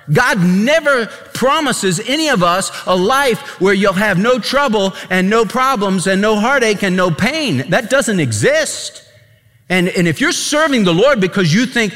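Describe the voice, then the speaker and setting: A man's voice: high voice, a bit bright, long reverb tail. A man preaching a sermon as a pastor, emphatic and conversational, speaking straight to the congregation.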